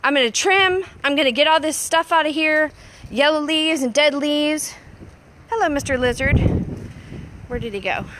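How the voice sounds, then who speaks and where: A woman's voice: sits high, moderate pace, long pauses, fairly bright tone, a little hiss or hum. A woman in her thirties chatting casually in a garden, giving a bossy, self-teasing pep talk while working outdoors on camera. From Texas. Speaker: homesteading vlogger.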